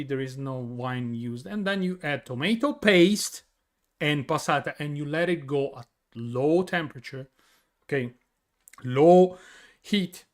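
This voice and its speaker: Italian male streamer, tired, chatty and rambling, slightly high voice. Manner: chatty, explains with many fillers and restarts. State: tired from little sleep. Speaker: streamer answering chat. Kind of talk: casual chat reading viewer questions.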